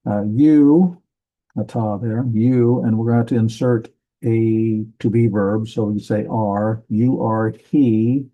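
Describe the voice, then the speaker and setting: A man teaching a slow classroom lesson, thinking aloud and correcting himself as he goes. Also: lowish voice, fairly even intonation, muffled recording. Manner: deliberate, thinking aloud with many ums and self-corrections. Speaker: Bible language teacher. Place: church classroom.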